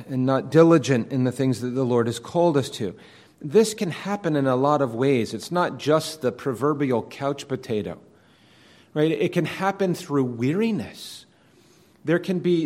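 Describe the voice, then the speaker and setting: A man preaching an expository sermon in an earnest, measured way, often restarting his phrases. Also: mid-range voice, darkish tone.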